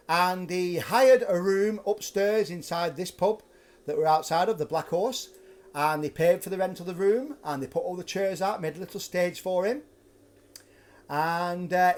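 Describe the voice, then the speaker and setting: A man hosting a live stream from his flat, telling a ghost story in a chatty, animated way. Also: high voice. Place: flat at home.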